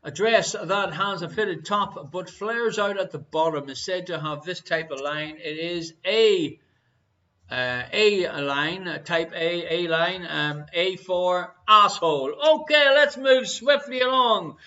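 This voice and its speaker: Bright-voiced Irish quiz host. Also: male voice, fairly high pitch, takes it slowly. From Ireland. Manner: joking, teasing banter with hesitant fillers. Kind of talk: casual live quiz hosting. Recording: muffled, lo-fi stream audio.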